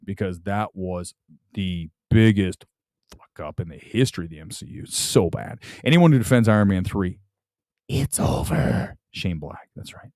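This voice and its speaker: A man's voice: lowish voice, very animated, unhurried, darkish tone, dry recording. A man hosting a live film talk stream, speaking casually with strong opinions, rambling and correcting himself as he goes. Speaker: film talk show host.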